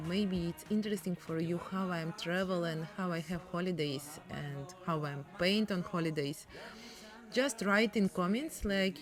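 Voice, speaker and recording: Female art teacher, Russian accent, unhurried chatty delivery in broken English, soft music underneath. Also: fairly low pitch. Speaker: painting teacher. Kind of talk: casual painting tutorial.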